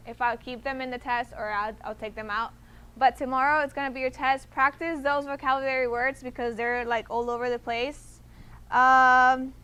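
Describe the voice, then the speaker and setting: A woman with a high, bright voice teaches her class at an unhurried pace. She explains patiently and keeps checking that the students follow. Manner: patient, repeats "okay?" to check understanding. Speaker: Spanish teacher. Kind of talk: classroom instruction.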